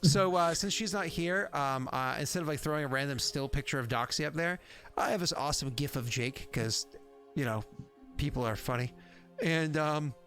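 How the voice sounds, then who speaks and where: Gravelly chatty game master man. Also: a little high, normal speed, a bit bright, faint music behind. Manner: rambling, chatty, lots of fillers. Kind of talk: casual chat running a tabletop game stream.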